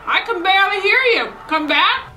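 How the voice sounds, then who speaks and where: A woman's voice: very high voice, expressive, normal speed, music in the background, low-quality recording. A woman playing a cranky backwoods store clerk. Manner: rough folksy drawl, double negatives. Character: rude, gum-chewing backwoods clerk woman. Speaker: small-town shopkeeper and radio dispatcher. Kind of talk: comedic film acting.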